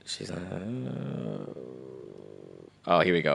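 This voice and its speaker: A man's voice: lowish voice, normal speed, long pauses, fairly bright tone. Casual man streaming a game. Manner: casual, reads in-game texts aloud, quips and slang. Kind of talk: live game playthrough commentary.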